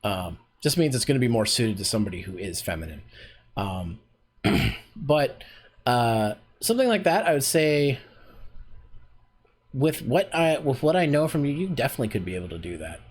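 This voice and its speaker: A man's voice: medium pitch, big pitch swings, normal speed, husky. A Canadian man with a Canadian accent, coaching voice acting in a rambling, chatty stream chat full of fillers. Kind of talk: casual streamed voice acting lesson.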